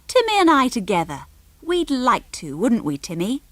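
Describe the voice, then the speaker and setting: A woman's voice: a little high, huge pitch swings, normal speed, no room sound, pitched above the performer's own voice. Woman doing tomboyish girl, fierce, blunt, storybook, dry close sound.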